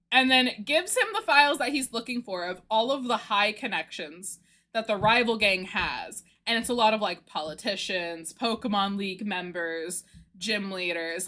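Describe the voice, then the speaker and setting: A young woman streamer chatting casually, gushing excitedly about a story she loves and laughing often. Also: mid-range voice, measured pace. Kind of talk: casual chat recapping a story.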